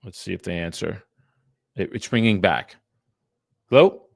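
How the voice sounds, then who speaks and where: Deep gravelly man, casual livestream. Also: moderate pace, no room sound, studio quality. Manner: casual, rambling, talks to viewers between calls. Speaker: real estate agent. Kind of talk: casual livestream chat while cold calling. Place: his home studio.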